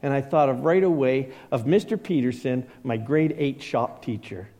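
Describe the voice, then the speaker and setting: This middle-aged man, speaking as a pastor, delivers a sermon at a moderate pace with a warm, medium-pitched voice that fills a big room. His delivery leans on personal anecdotes, and he performs the voices of those he quotes.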